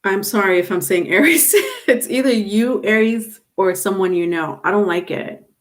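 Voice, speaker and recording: A woman's voice: medium pitch, moderate pace. Chatty woman reading tarot live. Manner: chatty, answers viewers by name. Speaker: tarot reader.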